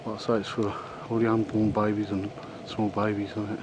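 A middle-aged man, out of breath, talking haltingly to a handheld camera outdoors at night in the rain, with many ums and uhs. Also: lowish voice, completely flat delivery, noisy background. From England. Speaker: vlogger. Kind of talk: casual vlog to camera.

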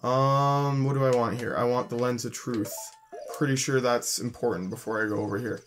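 A man's voice: mid-range voice, steady tone, normal speed, a little hiss or hum. A young man from Canada, hosting a let's play and chatting casually while he plays, grumbling and joking and reading game text aloud. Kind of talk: casual gameplay commentary.

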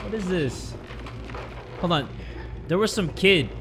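A young man giving jokey, excitable commentary while playing a game, jumping between loud yelps and low mutters. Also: slow pace, background noise. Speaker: gaming YouTuber. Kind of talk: let's play commentary.

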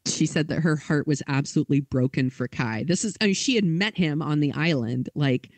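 Higher-voiced man telling a story, casual. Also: fairly quick, dry recording. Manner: casual, filler-heavy retelling with acted quotes. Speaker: podcast host.

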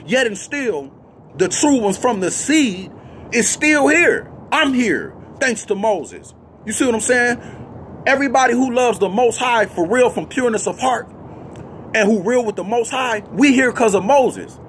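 A man's voice: sits high, slight background noise. A man preaching a fiery, blunt freestyle street sermon to camera, cussing freely and tagging lines with "you see what I'm saying" and "man.".

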